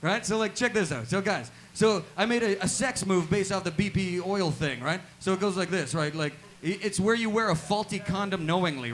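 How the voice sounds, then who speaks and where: A man performing a stand-up comedy set in a small live venue, delivering deadpan one-liners and tagging nearly every line with "right?". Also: high voice.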